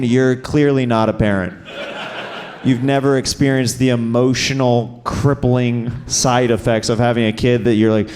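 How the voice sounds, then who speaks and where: Male comic host, improv stand-up, casual riffing, average-pitched voice, live stage mic. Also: fairly even intonation, moderate pace, a little mellow. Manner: loose, chatty, riffing on audience suggestions. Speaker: host and comedian. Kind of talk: improvised stand-up and crowd work. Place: comedy festival stage.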